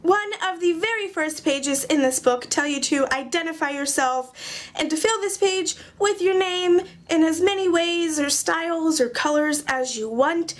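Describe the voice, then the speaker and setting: A young woman casually chatting through her journal pages in a vlog, joking at herself with dry sarcasm. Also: high-pitched. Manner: chatty, self-mocking, sarcastic jokes. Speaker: craft journaling vlogger. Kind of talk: casual chat.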